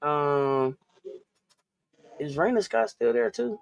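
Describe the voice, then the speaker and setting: A man's voice: fairly high pitch, lively intonation, slow, creaky. A man co-hosting a casual sports talk show, loose and chatty, often repeating himself. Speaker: co-host.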